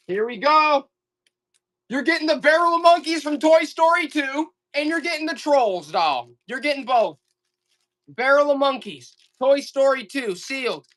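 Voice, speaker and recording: A live online auction seller doing comic, exasperated hype, repeating offers and pleading with the audience. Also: fairly bright tone. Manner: repetitive, urgent pitch talk. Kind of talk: live selling stream patter.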